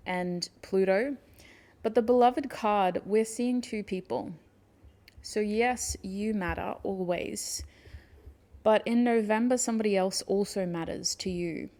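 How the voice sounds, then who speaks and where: A woman giving a pick-a-card tarot reading, speaking gently and affectionately to her viewers, teary and sniffling with emotion. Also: mid-range voice. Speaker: tarot reader.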